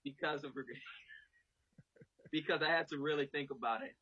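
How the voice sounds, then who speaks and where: Playful, dramatic male panelist; bright, forceful voice; muffled video call audio from home. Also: fairly high pitch, fairly even intonation, unhurried, breathy edge, no room sound. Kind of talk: casual sports chat.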